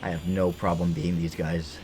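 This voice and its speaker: A man's voice: low voice, level tone, brisk, music in the background. A man chatting casually with his live-stream viewers while playing a game, rambling and joking with the chat.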